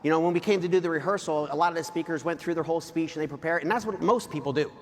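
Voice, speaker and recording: A middle-aged motivational speaker from New Jersey addresses a live audience from a stage, his voice high for a man and very fast. He speaks emphatically and confessionally, frequently rising into shouts, while the long reverb of a large event hall carries his voice over a slight hiss or hum.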